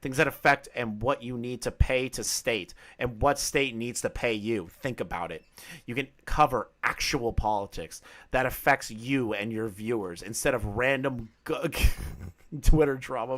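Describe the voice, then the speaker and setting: A man commenting casually on a live stream, excitable and mocking, with bursts of shouting. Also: medium pitch, a little slow.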